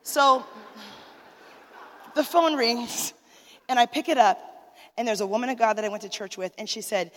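A woman's voice: a little high, normal speed, pauses often, a bit bright. A woman giving an emotional sermon testimony as a minister's wife, talking straight to the listeners. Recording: long hall reverb.

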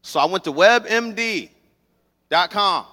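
A young man preaching a sermon as pastor, telling stories with lively, acted-out scenes. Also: high voice, measured pace. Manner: animated storytelling, acts out scenes. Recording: long hall reverb.

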